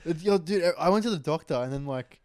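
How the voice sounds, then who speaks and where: A young man chats on a podcast. His voice sits a little high and swings widely in pitch as he tells his stories. The sound is dry and close, with no room echo. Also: brisk. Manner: animated storytelling with put-on doctor voice. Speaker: podcast co-host. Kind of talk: casual chat.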